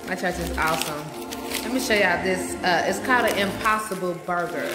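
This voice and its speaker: A mother vlogging on a sunny day, outdoors and then in a car, chats casually with her viewers in a lowish, fairly quick voice. She laughs often and talks straight to the camera about her day.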